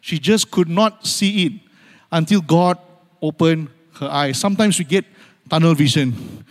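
A man delivers a sermon in a slightly high voice that carries a long reverb through a large hall. He moves between urgent, rising appeals and quiet, hushed moments, repeating key phrases and calling out amen. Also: a little slow. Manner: dramatic swings from loud urgency to hushed near-whispers. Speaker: pastor.

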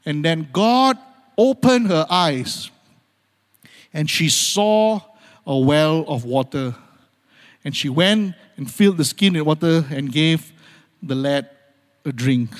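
A man's voice: on the high side, lively intonation, takes it slowly, pauses often. Man preaching in an echoing hall. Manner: dramatic swings from loud urgency to hushed near-whispers; repeats phrases for emphasis, calls out amen. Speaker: pastor. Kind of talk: sermon. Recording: long hall reverb.

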